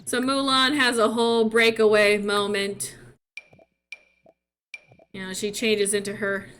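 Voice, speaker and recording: A woman giving casual, chatty game commentary with excitable, gushing reactions. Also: mid-range voice, measured pace, clean tone, faint music behind. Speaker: gaming YouTuber.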